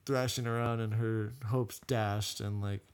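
A man's voice: lowish voice, fairly even intonation, a little slow, smooth. A man co-hosting a podcast in casual chat, making dry, wry remarks. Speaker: podcast co-host.

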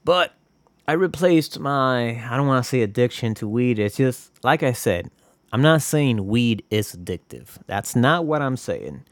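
A podcast host delivers a rambling, casual solo monologue packed with swearing and jokey asides. His mid-range voice is very animated but a little slow, and the recording is dry.

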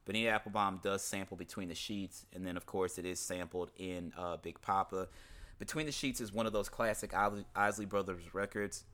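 A man with a very low, deep voice talks through an album track by track in a loose, conversational way. He swears freely and shifts into a quicker clip when he reads quotes aloud. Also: steady tone, fairly bright tone. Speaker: podcast host discussing an album. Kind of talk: casual commentary with read-out quotes.

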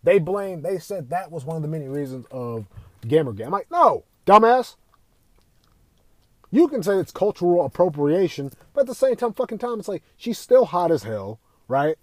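Young dude on a podcast, heated rant, tons of swearing, higher voice. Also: male voice, big pitch swings, a little fast, dark tone, no room sound. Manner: heated, swearing, repeats himself, rhetorical questions. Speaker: podcast host. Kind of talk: profane opinion rant.

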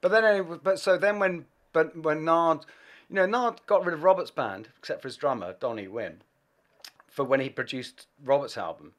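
A middle-aged English man, a bass player, telling animated anecdotes in a casual interview and laughing between phrases. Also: moderate pace. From England.

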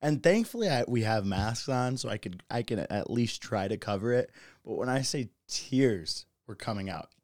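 A man's voice: medium pitch, lively intonation, moderate pace, darkish tone, no echo, studio quality. A man hosting a podcast, telling stories in a loose, profane way and often breaking into laughter. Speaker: podcast host. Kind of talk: casual solo podcast monologue.

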